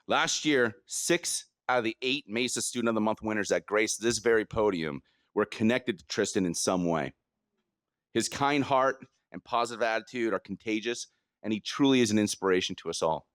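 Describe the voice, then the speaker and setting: Man presenting a student award at a podium; earnest, read from notes, lowish voice, dry. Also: no room sound. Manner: heartfelt, earnest, reading from notes. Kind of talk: prepared award speech. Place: event podium.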